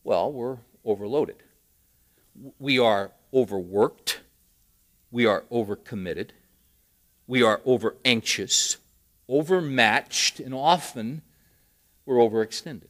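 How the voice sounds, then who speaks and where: A man's voice: medium pitch, measured pace, long pauses, a bit bright. A man preaching a sermon, telling a story with rising emphasis and dry humor. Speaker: pastor.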